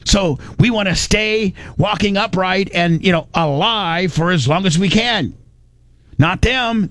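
A man in a dry, close studio sound, holding forth as a talk radio host. He is blunt and mocking, and he rambles and restarts his phrases, with a voice pitched a bit above the usual for a man. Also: unhurried, fairly bright tone, no room sound. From United States. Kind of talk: opinionated talk radio commentary.

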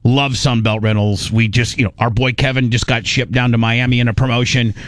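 A male radio host rambling through casual banter, loose and full of fillers. His voice sits at a middle pitch, and the studio sound is dry and close. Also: fairly even intonation, brisk, no echo.

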